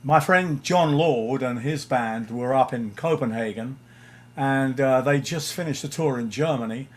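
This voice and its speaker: A man's voice: medium pitch, unhurried. An older man from England, a guest musician, telling anecdotes in casual interview chat, chuckling and using frequent fillers.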